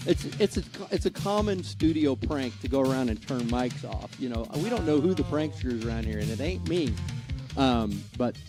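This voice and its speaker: A man hosts a radio talk show from a studio, joking loosely with his guests. His voice sits in a middle range and he talks in a relaxed, casual way into a studio microphone. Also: mid-range voice, moderate pace, over music. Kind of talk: casual studio banter and interviewing.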